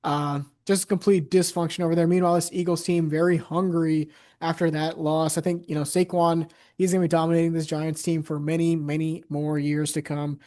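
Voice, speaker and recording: A man's voice: fairly high pitch, little pitch movement, brisk, hardly any pauses, warm tone. A young man co-hosting a casual sports podcast, talking steadily with many "uh" and "you know" fillers. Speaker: podcast co-host.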